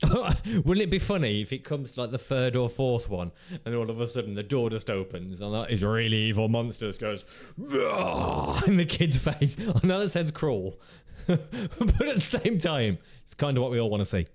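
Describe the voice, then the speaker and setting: A man's voice: medium pitch, animated, moderate pace, darkish tone. A man hosting his own channel, chatting casually and rambling through jokes and playful swearing while reacting to videos. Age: adult parent of a teenager. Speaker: channel host.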